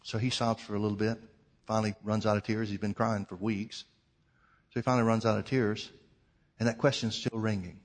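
A man's voice: lowish voice, little pitch movement, a little fast. Man preaching a dramatic story. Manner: dramatic, swings between loud outbursts and hushed quiet. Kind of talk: storytelling sermon.

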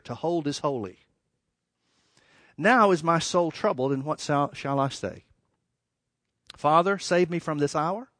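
A man's voice: fairly high pitch, a bit bright, no room sound. Emphatic male preacher, dry close sound. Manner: emphatic, rising and falling, with dramatic pauses. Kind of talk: sermon.

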